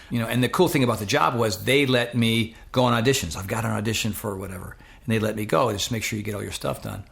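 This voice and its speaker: Middle-aged man, interview guest: low gravelly voice, animated storyteller. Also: fast, hardly any pauses. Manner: animated anecdote-telling, acts out quoted voices. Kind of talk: casual storytelling.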